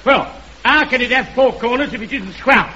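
A man's voice: very high voice, moderate pace. A man playing an eccentric soapbox crank who harangues the crowd in a 1950s radio comedy, in a dull, hissy old radio recording. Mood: haranguing. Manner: insistent, preachy crowd-haranguing.

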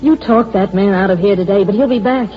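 An actress playing a sharp-tongued female secretary torn between love and hatred for her boss, in 1940s radio acting on a dull lo-fi old radio recording with faint music behind. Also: medium pitch, brisk, lightly acted. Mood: pleading.

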